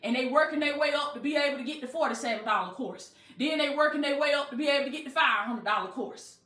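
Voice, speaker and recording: A woman preaches with a high voice, emphatic and colloquial. She keeps calling out to her listeners. The room is echoey, with faint music underneath. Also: quick pace, a bit bright. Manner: emphatic, call-and-response phrasing, colloquial. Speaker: life coach. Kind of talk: motivational preaching.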